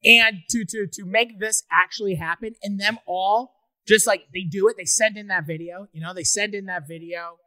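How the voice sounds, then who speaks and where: A woman co-hosting a comedy podcast, teasing her partner and tossing in quick questions. Her voice is bright and lively, and it sits in a dry, close sound. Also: medium pitch, dry recording. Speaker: podcast co-host. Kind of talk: casual comedic chat.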